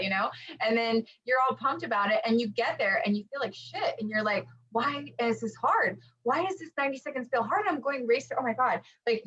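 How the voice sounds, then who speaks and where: A woman co-hosting a running podcast in casual chat, lively and acting out quotes with lots of fillers. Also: medium pitch. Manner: animated, acts out quotes, many fillers. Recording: dull lo-fi audio.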